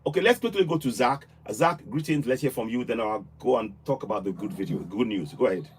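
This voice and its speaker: A man's voice: mid-range voice, lively intonation, brisk, slightly rough. A man hosting a live call-in show, talking earnestly with frequent restarts and repeated words. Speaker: livestream host.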